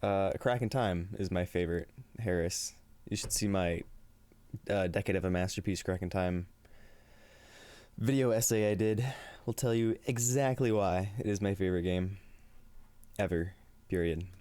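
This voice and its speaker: A man's voice: low-pitched, normal speed, pauses often, dark tone, smooth, no echo. A man streaming live and chatting casually with his viewers in an upbeat way, laughing often. He sounds tired and a little shaky. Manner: upbeat, laughs often, reads chat aloud. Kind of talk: casual livestream chat.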